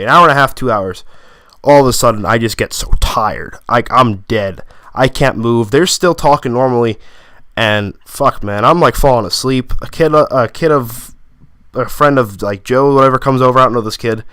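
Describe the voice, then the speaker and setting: A young man tells a long rambling story, full of fillers and asides. His voice is smooth and clear, recorded close and dry with no room sound. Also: mid-range voice, fairly bright tone, no room sound. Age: young adult. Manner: rambling, lots of fillers and 'like'; quotes friends in quick bursts. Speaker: vlogger. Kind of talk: casual storytelling.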